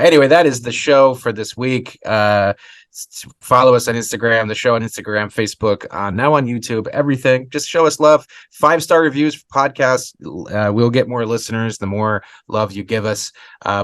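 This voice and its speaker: A man with a bright, forward tone talks through football bets casually, stumbling and circling back with lots of fillers. He sounds close to the microphone in a dry, dead room. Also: mid-range voice, normal speed, no echo. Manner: loose, rambling, with fillers. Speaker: podcast co-host. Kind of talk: casual sports betting chat.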